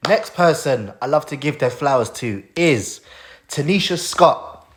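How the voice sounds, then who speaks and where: A man's voice: fairly high pitch, expressive, a little slow. Emotional man hosting a live stream. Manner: heartfelt, emotional, thanks people warmly. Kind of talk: casual live stream talk.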